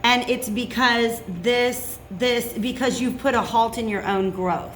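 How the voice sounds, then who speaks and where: A woman's voice: on the high side, a little slow, fairly bright tone, faint music behind. A woman giving a casual tarot reading, chatty and reassuring, checking in with "okay?" often. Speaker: tarot reader.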